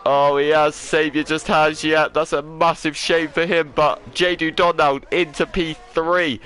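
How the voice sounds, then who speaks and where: Excitable male esports race commentator. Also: on the high side, measured pace. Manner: excitable, rising to shouts at big lap times. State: out of breath. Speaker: lead commentator.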